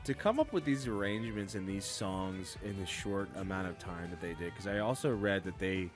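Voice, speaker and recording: A man's voice: deep voice, lively intonation, moderate pace, over music. A man co-hosting a casual album review, laid-back and rambling. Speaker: music review co-host. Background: album playing faintly.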